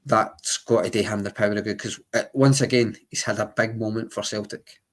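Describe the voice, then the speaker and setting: A man's voice: fairly low pitch, fairly even intonation, brisk. A man co-hosting a football podcast, chatting casually and circling back over his words. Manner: chatty, repeats himself, laughs now and then. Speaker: podcast co-host.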